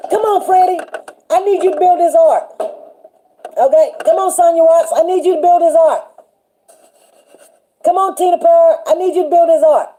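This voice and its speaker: A woman's voice: extremely high pitch, normal speed, pauses often, dark tone, slight background noise, pitched above the performer's own voice, low-quality recording. A woman voicing the Lord as a casual, insistent commander in playful, slangy speech. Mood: coaxing.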